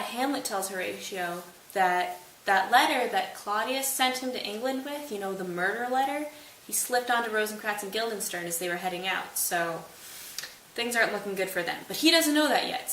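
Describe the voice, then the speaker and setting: A woman's voice: medium pitch, fairly bright tone, recorded from a distance. Chatty, wry woman in a roomy room. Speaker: student summarizing a play. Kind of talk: casual retelling. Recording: roomy, off-mic, faint hiss.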